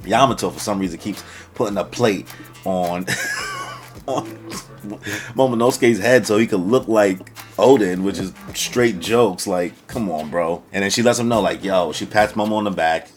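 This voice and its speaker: A young man with a very low voice rambles through a casual chapter review, full of slang and quick quoted voices. Faint music plays softly under his talk. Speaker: anime reviewer.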